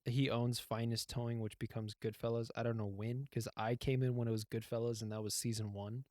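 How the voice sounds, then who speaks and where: A man's voice: medium pitch, level tone, a little fast, darkish tone, dry recording, studio quality. Young man ranting casually, swearing. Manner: rambling, profane, acts out quoted lines. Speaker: podcast co-host. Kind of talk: casual chat, recapping a TV show.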